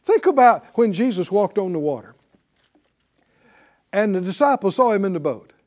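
Man preaching loud and animated, high voice that leaps all over, quick back and forth with the crowd. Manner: animated, call-and-response, acts out quoted voices. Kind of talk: lively sermon.

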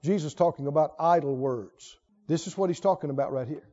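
Male pastor, high voice, animated sermon delivery with call-and-response, lo-fi church recording. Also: fairly quick.

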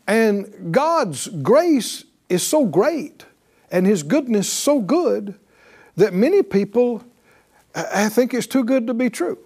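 A male pastor preaching a sermon, animated and calling on the congregation to answer back, often laughing. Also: sits high, slow, slightly rough.

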